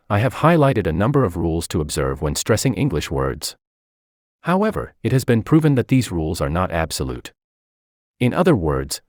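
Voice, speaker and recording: A man with a very low voice reads a scripted exam tutorial, listing rules and example words in turn. His pitch swings widely as he reads. The recording is dry and close, with no room sound. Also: a little mellow, no echo. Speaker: English language tutor. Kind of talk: scripted instructional reading.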